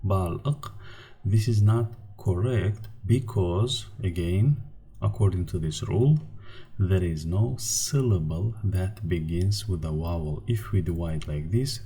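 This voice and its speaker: A man's voice: low voice, dark tone. A man with a Turkmen accent teaching a language lesson over slides, hesitant, with many fillers and restarts as he sounds out syllables one by one. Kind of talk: slide-based grammar lesson.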